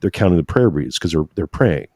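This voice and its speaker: His voice sits low with a dark tone, very animated and brisk, in clean studio sound free of echo. A guest on a faith-centered podcast conversation, he preaches earnestly, gets emotional at times, and punctuates points with "right?"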